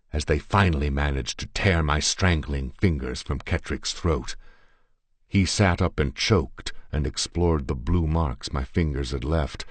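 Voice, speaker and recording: A man reading a horror tale aloud in a measured, grave first-person narration. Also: rumbling low, no room sound. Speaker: audiobook reader.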